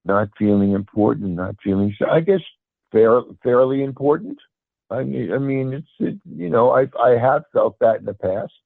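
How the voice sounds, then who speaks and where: Man, caller, hesitant and stumbling, middle pitch, thin phone-line sound. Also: animated, moderate pace, no room sound. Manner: hesitant, restarts words often. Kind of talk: telling a personal story. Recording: phone line, dry and gravelly.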